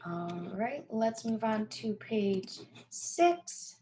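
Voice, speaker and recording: Patient woman teacher repeating words slowly. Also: mid-range voice, lively intonation, mellow. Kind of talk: guiding a class through a workbook.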